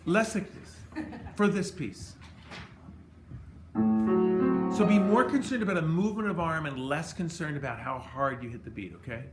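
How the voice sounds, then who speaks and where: A man's voice: fairly high pitch, measured pace, long pauses. Encouraging male conducting teacher. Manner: encouraging, instructive, sings beats. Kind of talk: coaching a conducting class. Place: rehearsal room with a choir. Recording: roomy echo, music behind.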